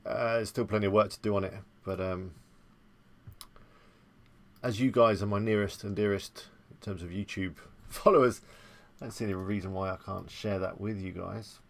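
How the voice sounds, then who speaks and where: A man's voice: lowish voice, fairly even intonation, normal speed, gravelly. A man hosting a live stream, chatting with viewers in an easygoing, rambling way. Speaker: livestream host. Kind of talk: casual live-stream chat.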